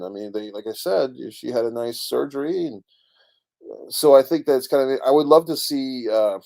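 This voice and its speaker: A man's voice: mid-range voice, darkish tone. A middle-aged man hosting a casual live stream, rambling about a comedy special and reading viewers' comments aloud. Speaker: online show host reading chat comments.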